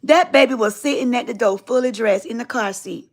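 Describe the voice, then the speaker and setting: A woman's voice: a little high, brisk. A middle-aged woman hosting a live stream, telling a personal story in a casual, colloquial and emphatic way.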